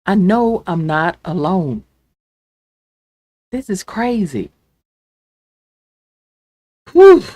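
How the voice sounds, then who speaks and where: Woman, show host, angry livestream rant, low-ish voice, dry sound. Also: expressive, takes it slowly, long pauses, dry recording. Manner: angry, impassioned, swinging from shouting to hushed.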